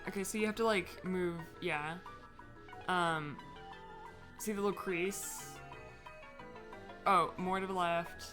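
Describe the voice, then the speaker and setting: Chatty woman gamer over soft music. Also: on the low side, fairly even intonation, slow, long pauses. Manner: chatty, playful, jokey. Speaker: let's play co-host. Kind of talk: casual gameplay chat, reading game lines aloud.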